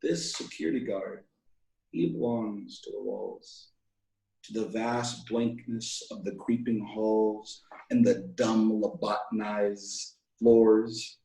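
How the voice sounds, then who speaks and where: A man's voice: fairly low pitch, slow pace, vocal fry, warm tone. Male poet, 20s, from Alaska; playful rhythmic reader, echoey room sound. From Alaska, USA. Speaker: poet guest. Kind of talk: poetry reading and casual chat.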